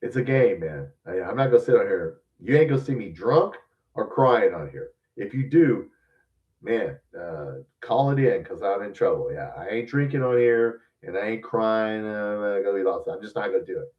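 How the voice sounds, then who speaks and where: A man's voice: on the low side, animated, normal speed, distant mic, muffled recording. Blunt, profane man ranting about sports. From lives in Louisiana. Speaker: podcast host. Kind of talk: casual sports opinion rant.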